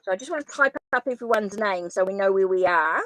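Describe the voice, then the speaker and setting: A woman's voice: mid-range voice, quick pace, fairly bright tone, no room sound, poor audio. A woman hosting a live tarot reading stream, apologizing and thinking aloud as she types up viewers' names in a casual chat. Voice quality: says she has a funny accent.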